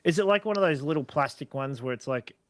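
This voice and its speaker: A man's voice: on the high side, expressive, fast, a bit bright, no room sound. Chatty man, dry close sound. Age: 30s. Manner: chatty, laughs often, rambling restarts. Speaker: podcast co-host. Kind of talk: casual chat.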